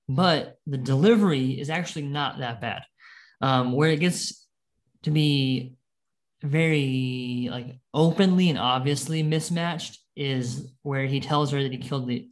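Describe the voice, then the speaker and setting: A young man hosting a podcast, reviewing a film in an animated, casual way and quoting its lines, with lots of likes and restarts. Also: medium pitch. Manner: animated, quotes movie lines in passing, many likes and restarts. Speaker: podcast host.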